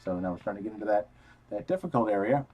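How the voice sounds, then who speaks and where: A man with a fairly low voice teaches guitar in a relaxed live stream, talking through each step and counting notes out loud. Faint guitar playing sits behind him in a home studio. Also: very fast, highs cut off. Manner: casual, explains step by step while playing, counts notes aloud. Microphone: headphones on, wired mic.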